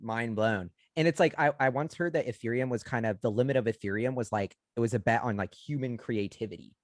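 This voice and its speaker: An excited man hosting a casual chat, quick to throw in slang and praise. His voice sits at an everyday pitch. The recording is dry, with little room sound. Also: dry recording. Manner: enthusiastic, slangy. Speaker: host.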